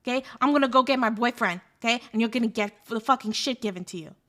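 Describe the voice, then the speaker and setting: A woman voicing a tough, gum-chewing street girl who yells aggressively. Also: a little high, fast, lightly acted. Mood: threatening. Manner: aggressive yelling, confrontational.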